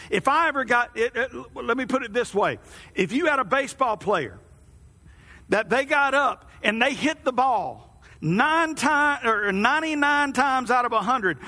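A man delivers a folksy, conversational sermon, his voice pitched high and ringing bright. He talks to the congregation as friends, asking them questions along the way. The sound carries the long reverb of a church hall. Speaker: pastor.

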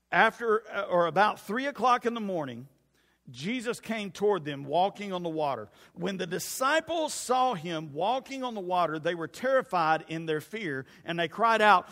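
A man's voice: a little high, lively intonation, normal speed, a bit bright. A man preaching a casual sermon, rambling into jokey asides and talking straight to the congregation. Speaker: youth pastor. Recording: long reverb in a hall.

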